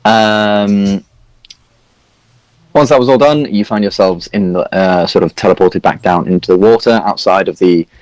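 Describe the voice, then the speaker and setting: A man's voice: fairly low pitch, moderate pace, dry recording, low-quality recording. A man recapping a tabletop game as dungeon master, rambling with fillers and correcting himself.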